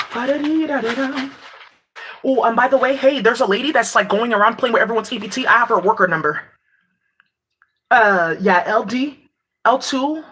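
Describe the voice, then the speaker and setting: A woman's voice: on the high side, background noise. A woman from Nigeria, ranting casually to her viewers, brash and profane, laughing as she talks. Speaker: vlogger. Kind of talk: casual rant to camera.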